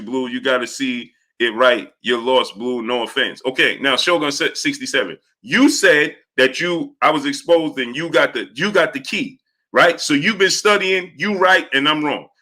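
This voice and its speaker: A man hosting a live stream, greeting viewers by name and repeating catchphrases in a lively way. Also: medium pitch, moderate pace. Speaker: live-stream host reading viewer chat. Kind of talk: casual live-stream chat.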